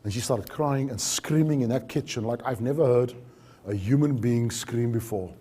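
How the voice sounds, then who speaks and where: A man who worked as an HR manager at a mine, telling a story in a vivid way that swings between loud and hushed. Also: mid-range voice, normal speed, slightly rough. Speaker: former HR manager at a mine, safety speaker. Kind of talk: dramatic storytelling talk.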